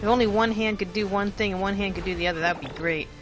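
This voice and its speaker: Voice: mid-range voice, fast, background noise. A let's play host giving casual gameplay commentary, thinking aloud in a chatty way and chanting repeated words while timing moves.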